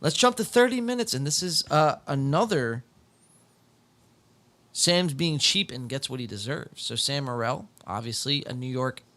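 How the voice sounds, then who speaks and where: A man's voice: mid-range voice, animated, moderate pace, fairly bright tone. A man hosting a podcast, reacting to clips in casual, profane, joking commentary.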